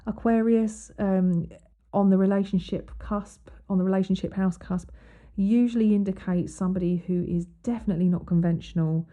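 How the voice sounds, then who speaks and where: A woman's voice: mid-range voice, steady tone, moderate pace, warm tone, lo-fi sound. A woman hosting an astrology podcast, talking casually with many ums and restarts. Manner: chatty, many ums and restarts, reads quotes aloud. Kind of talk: casual explanatory monologue.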